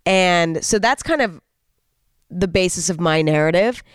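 A woman's voice: fairly low pitch, expressive, a little slow, smooth, dry recording, clean studio sound. A young woman hosting a podcast alone, talking in a candid, chatty way and swearing freely. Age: young adult. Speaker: podcast host. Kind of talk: casual solo podcast monologue.

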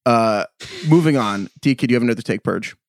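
Animated man bantering on a podcast. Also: mid-range voice, brisk, no echo, studio quality. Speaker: podcast co-host. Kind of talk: casual podcast chat.

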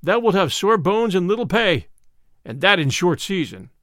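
A man reading a proud, quick-tempered outlaw. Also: high voice, sing-song, a bit bright, dry recording, studio quality. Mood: gruff. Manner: old-fashioned formal speech. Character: big proud outlaw stranger, quick to anger.

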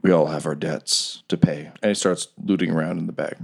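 A man narrates a tabletop game as its game master, in a deep voice with a gravelly edge. He tells the story vividly and dramatically. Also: steady tone, a little fast.

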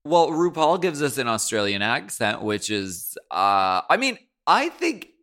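A man's voice: mid-range voice, big pitch swings, pushed and bright. A man co-hosting a podcast, recapping a reality show with playful, jokey talk. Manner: playful, jokey, drawn-out delivery. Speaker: podcast co-host.

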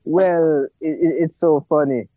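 A young man, an actor and bass player, telling a story in a casual interview and acting out the people he quotes. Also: steady tone, measured pace, warm tone, dry recording, rough recording. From Jamaica.

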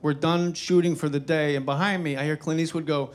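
Animated, profane stand-up comedian, a man. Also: fairly high pitch, brisk, few pauses, slight background noise. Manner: animated, profane, self-mocking. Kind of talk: stand-up storytelling. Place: stage before a live audience. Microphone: wearing a microphone. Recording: live stand-up with faint crowd.

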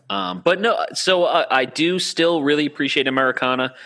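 A man's voice: on the high side, moderate pace, pushed and bright. A man co-hosting a casual podcast over a video call, chatty and a bit nervous. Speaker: podcast co-host. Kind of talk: casual chat. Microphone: home computer mic on a video call.

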